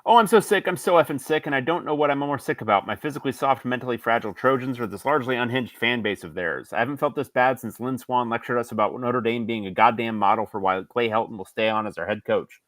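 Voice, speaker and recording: A man's voice: mid-range voice, quick pace, few pauses, a bit bright, no echo, natural voice. A man voicing a whiny, exasperated male football fan reading out a rant.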